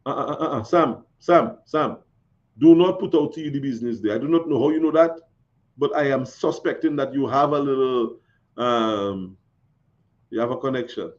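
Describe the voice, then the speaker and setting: Speaking at a moderate pace in a medium pitch, this man runs a live stream, going through viewer comments with chatty, folksy repetition. It's casual stream banter, and the audio is dull and lo-fi.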